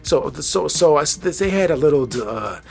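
A tired man in his forties talks into a podcast mic at bedtime, his voice sleepy and relaxed. He rambles earnestly, stumbling over and repeating his words. Faint music plays softly behind him. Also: a little high, moderate pace, gravelly. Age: 40s. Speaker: podcast host. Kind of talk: casual solo podcast talk. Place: at home, relaxed. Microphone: podcast microphone.

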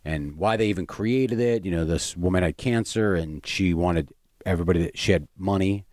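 A man's voice: low-pitched, normal speed, darkish tone, dry recording, clean studio sound. A man who is a stand-up comedian, telling a story in casual chat, rambling with lots of fillers and restarts.

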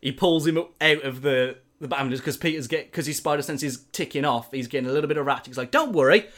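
A man's voice: mid-range voice, steady tone, fast talker, a bit bright. A man animatedly telling a story in casual chat, with lots of filler words.

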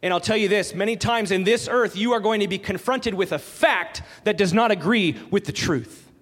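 High-voiced preacher in a reverberant hall. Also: male voice, moderate pace, fairly bright tone. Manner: earnest, emphatic preaching with repeated phrases. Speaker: pastor. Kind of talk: sermon.

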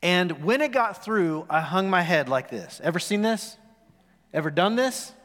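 A man's voice: high-pitched, animated, measured pace, fairly bright tone. A man in his forties preaching a sermon as pastor, telling a story and asking the congregation questions. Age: 40s. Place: church sanctuary. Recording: long reverb in a worship hall.

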